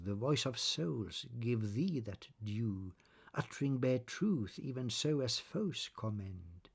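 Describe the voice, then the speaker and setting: A man reading sonnets aloud in a measured, deliberate recitation. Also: mid-range voice, vocal fry, breathy edge. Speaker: poetry reader.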